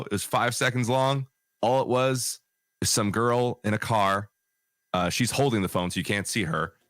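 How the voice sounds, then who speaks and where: Low-voiced man co-hosting a podcast. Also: fairly bright tone, no room sound, clean studio sound. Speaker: podcast co-host. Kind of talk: casual podcast chat.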